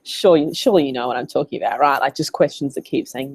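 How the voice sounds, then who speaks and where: An Australian woman coaching in a casual live Q&A, chatty and animated as she tells stories. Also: deep voice, a little fast. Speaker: business coach.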